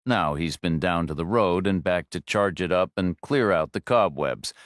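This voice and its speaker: Brief: man playing a courteous motel owner, low and measured. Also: lively intonation, no room sound, clean studio sound.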